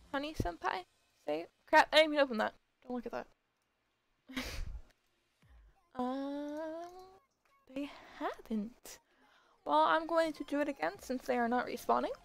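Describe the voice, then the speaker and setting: A young woman with a high, gravelly voice hosts a livestream giveaway, talking slowly and chatting to her viewers. She is easily excited and her throat is sore from screeching. Faint music plays behind her. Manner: excitable, gasps and laughs, squeals when thanked. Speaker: livestream host running giveaways. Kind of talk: casual livestream chat.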